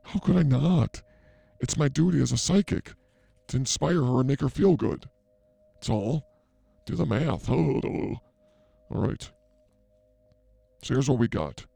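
A man's voice: medium pitch, unhurried, creaky, long pauses, warm tone, breathy edge, dry recording, exaggerated voice. Man playing a crude, brash fake psychic. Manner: brash, crude, rambling comic banter. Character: brash flirty male fake psychic healer. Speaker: comedy show host. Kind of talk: comedy sketch.

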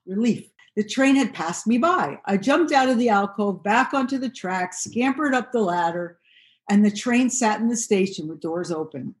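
A woman reading her own first-person memoir aloud in a steady, measured storytelling voice. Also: medium pitch. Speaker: narrator.

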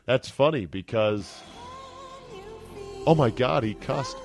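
A man hosting a sports podcast, talking casually with a wisecracking, profane, animated manner. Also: mid-range voice, moderate pace, pauses often, soft background music. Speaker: podcast host.

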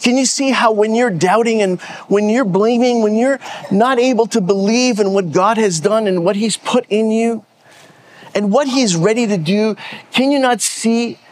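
High-voiced man preaching a sermon. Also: normal speed. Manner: repeats words when stressing a point, rallies the audience. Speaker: pastor.

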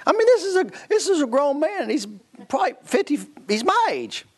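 A man's voice: very high-pitched, big pitch swings, a little fast. A man in his fifties, a guest preacher telling a story in a sermon, laughing often and restarting his sentences. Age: 50s.

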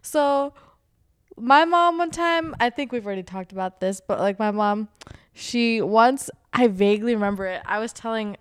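A young woman in casual chat among friends, telling stories in an animated way and acting out the people she quotes. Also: fairly high pitch, normal speed, clear, resonant tone, dry recording, studio quality. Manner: animated storyteller, acts out quotes.

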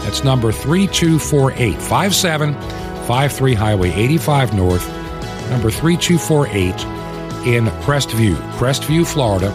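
A man's voice: medium pitch, animated. Guy hosting a radio show, earnest, spelling stuff out, music playing under him. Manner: earnest, repeats contact details slowly. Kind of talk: direct appeal to listeners. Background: music bed underneath.

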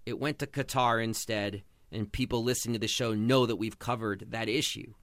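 Man, podcast host, passionate sarcastic commentary, bright tone, dry studio sound. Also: lowish voice, fairly even intonation, a little fast, no echo. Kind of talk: opinionated sports commentary.

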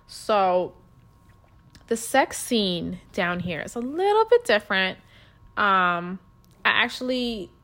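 A woman's voice: medium pitch, fairly bright tone. Blunt, profane woman with a New York accent. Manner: blunt, crude and profane, talking straight to listeners. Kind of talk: casual storytelling monologue.

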